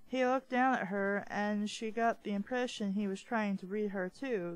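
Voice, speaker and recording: A woman's voice: medium pitch, steady tone, normal speed, few pauses, rough recording. A woman book reviewer reading a novel aloud in a plain voice and breaking off for mocking side comments.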